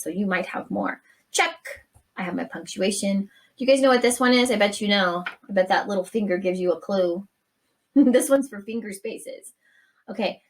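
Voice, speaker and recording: A woman teacher leading a writing lesson for young children, encouraging and checking in often. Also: mid-range voice.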